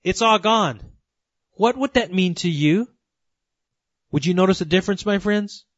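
A man with a high voice preaches an earnest sermon and speaks directly to his listeners. The recording is dry and close, with a slightly muffled, dull tone. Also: dry recording. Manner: earnest, addresses listeners as folks and friends.

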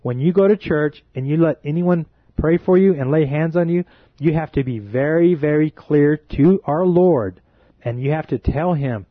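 A man's voice: fairly high pitch, moderate pace, no room sound. Earnest pleading preacher man, dry lo-fi. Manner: earnest, pleading, repeatedly addresses listeners as folks. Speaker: self-described watchman preacher. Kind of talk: sermon-style warning. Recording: dry, dull lo-fi recording.

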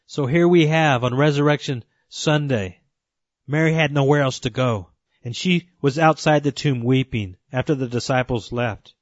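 A man's voice: mid-range voice, normal speed, dry recording, muffled recording. A man preaching a sermon in an earnest way, speaking straight to his listeners as friends and folks.

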